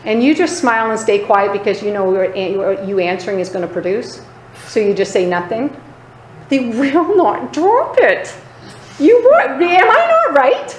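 A woman preaching with a fairly high voice, pressing her points and checking in with her listeners as she goes. She slips into lower, quieter voices to mimic other people. The room echoes, and faint noise sits underneath. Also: lively intonation, moderate pace. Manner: emphatic, repeatedly asking "Right?" for agreement. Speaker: Bible teacher. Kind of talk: sermon.

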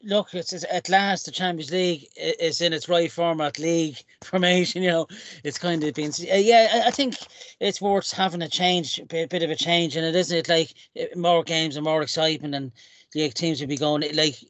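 A man's voice: fairly high pitch, moderate pace. A man hosting a podcast in a chatty, casual way, laughing easily. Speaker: podcast host. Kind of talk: casual chat.

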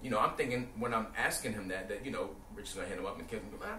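A man's voice: lowish voice, fast, a bit bright. A man in his forties casually telling a story to the camera and acting out phone calls with friends in other voices. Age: 40s. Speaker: reunion organizer. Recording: roomy, from a distance, light background noise.

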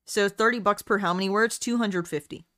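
A woman's voice: mid-range voice, fairly quick, fairly bright tone, dry recording. Playful woman streamer, dry close mic. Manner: playful, breaks into sung snatches. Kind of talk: casual stream chat.

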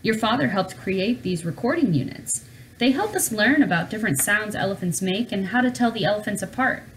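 A woman reading aloud as a woman scientist with a warm, high voice, explaining her work. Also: animated, a little fast, recorded from a distance, a little hiss or hum, close to an everyday voice, poor audio.

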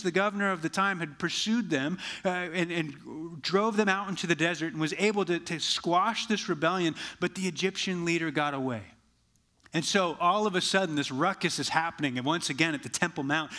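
A man's voice: fairly high pitch, bright, forceful tone. A male pastor preaching a conversational sermon, acting out quoted dialogue and often restarting phrases.

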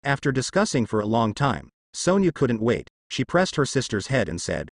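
A man narrating translated web fiction in a steady reading voice. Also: mid-range voice, moderate pace, hardly any pauses, dry recording, clean studio sound.

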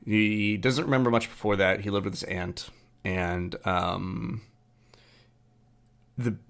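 A man's voice: on the low side, steady tone, slow pace, creaky, a bit bright. A young man hosting a podcast, chatting casually and rambling through a story about his tabletop game character. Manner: rambling, filler-heavy storytelling. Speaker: podcast host.

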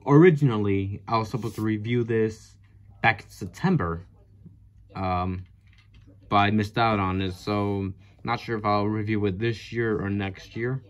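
Rambling, cursing man showing his collection. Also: a little slow. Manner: rambling, profane, jumpy pitch with excited outbursts. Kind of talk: casual unboxing chat.

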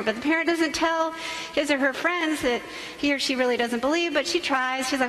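A woman's voice: high-pitched, fairly quick. A woman giving a humorous talk about faith in a church, telling stories and playing out a parent and children. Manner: lively storytelling, acts out parents and kids. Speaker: Catholic speaker. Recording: echoey church hall, faint noise.

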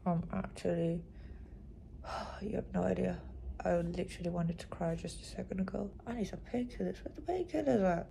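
A woman vlogging to her phone camera in a hospital room, talking expressively and often dropping to a hushed whisper. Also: lowish voice, moderate pace, vocal fry, a little hiss or hum, low-quality recording. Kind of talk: casual vlog talk to camera. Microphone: phone camera propped nearby.

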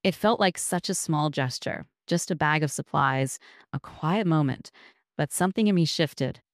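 Woman narrator, low voice, measured and reflective first-person storytelling, dry close sound. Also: no echo.

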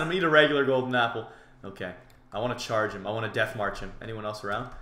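A man giving jokey, excitable commentary over his own gameplay, muttering through menus and shouting in fights. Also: mid-range voice, very fast, echoey room. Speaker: gaming commentator. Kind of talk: live game commentary.

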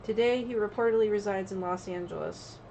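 A woman's voice: medium pitch, a little fast, creaky, darkish tone, a little hiss or hum, poor audio. Chatty woman co-hosting a podcast. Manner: agreeable, chatty, reads aloud plainly. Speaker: podcast co-host. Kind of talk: casual podcast discussion.

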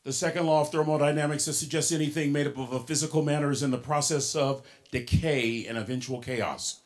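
A man in his sixties giving a motivational keynote to young people, preaching to the crowd, calling out to them and swinging between soft and shouted lines. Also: fairly high pitch, fairly even intonation, fairly quick. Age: 60s.

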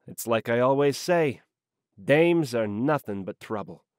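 A man narrating a hard-boiled noir audiobook in a wry, slangy, deadpan manner on a close microphone. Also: medium pitch, unhurried, no room sound.

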